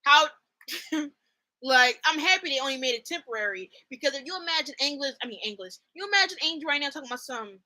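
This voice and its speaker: A young woman hosting a casual commentary vlog, animated and slangy, laughing often and slipping into mock accents. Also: high-pitched, fast. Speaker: host.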